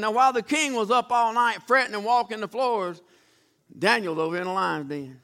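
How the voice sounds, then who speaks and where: High, bright-voiced preacher. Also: male voice, moderate pace. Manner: folksy, dramatic retelling with acted-out voices. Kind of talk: storytelling sermon.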